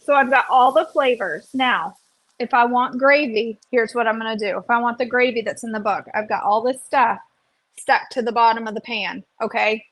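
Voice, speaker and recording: A woman's voice: on the high side, moderate pace, a bit bright, no room sound. A woman, chatting casually through a cooking vlog and often checking in with "okay?". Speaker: cooking vlogger.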